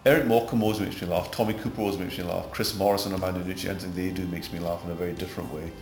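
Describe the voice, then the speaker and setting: This middle-aged actor from Scotland, with a Glaswegian accent and a deep voice, talks very fast as a guest in a relaxed interview. His rambling anecdotes get animated, and the audio has roomy echo with music underneath.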